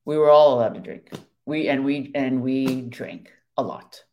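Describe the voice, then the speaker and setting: A woman's voice: rumbling low, measured pace, a little mellow, slight background noise. A woman co-hosting a Christian devotional chat with her husband, sharing testimony earnestly and laughing often. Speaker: co-host of a Christian devotional show.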